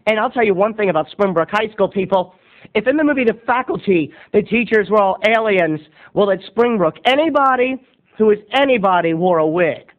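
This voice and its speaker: A man in his thirties, an animated, giggly video blogger telling a comic story straight to his viewers. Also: high-pitched, a little fast. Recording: tinny lo-fi webcam audio.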